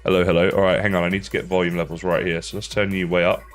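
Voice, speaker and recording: A man's voice: low-pitched, little pitch movement, rapid-fire, soft background music. An English man with a slight Australian tinge, chatting casually and rambling to viewers while he plays a game on a livestream. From England.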